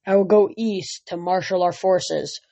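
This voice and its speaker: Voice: medium pitch, steady tone, unhurried, dark tone, natural voice. Reader as a cruel commanding Titan lord. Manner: commanding, arrogant. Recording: dull lo-fi recording.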